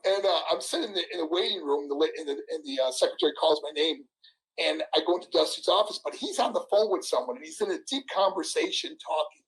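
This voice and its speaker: A man in his sixties telling a story in an interview, animated, laughing, acting out everyone's voices. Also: fairly high pitch, quick pace, gravelly, rough recording. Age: 60s. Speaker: guest, former wrestler.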